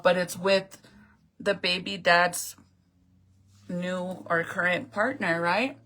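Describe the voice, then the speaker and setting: Chatty, swearing woman with a bright voice. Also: lowish voice. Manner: chatty, blunt, swears freely, talks straight to viewers. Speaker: vlogger retelling a viral video. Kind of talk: casual storytime commentary.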